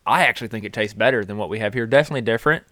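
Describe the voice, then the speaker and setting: A man's voice: lowish voice, very fast, fairly bright tone, no echo. An American man hosting a casual podcast, asking curious, chatty questions. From United States. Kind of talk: casual conversational interview.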